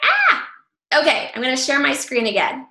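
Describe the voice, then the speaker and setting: A woman's voice: a little high, steady tone, normal speed, gravelly, pushed and bright. A woman leading an online training call for her group, upbeat and encouraging with loose fillers, her voice a little worn. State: slightly losing her voice. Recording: echoey room.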